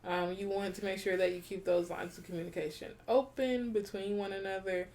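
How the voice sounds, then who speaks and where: A woman co-hosting a relationship podcast speaks in an easygoing, reflective way. She circles back to rephrase her points and laughs lightly as she goes. Her voice sits at a middle pitch. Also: steady tone, a little fast, a little mellow. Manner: reflective, laughs often, repeats and rephrases ideas. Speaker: podcast co-host. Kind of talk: casual relationship podcast chat.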